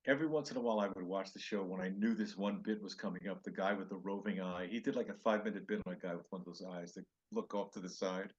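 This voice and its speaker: A man's voice: low voice, fast, hardly any pauses, husky, dull audio. Older male comedian telling anecdotes. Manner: animated anecdotes with acted-out quotes. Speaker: comedian guest. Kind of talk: storytelling interview chat.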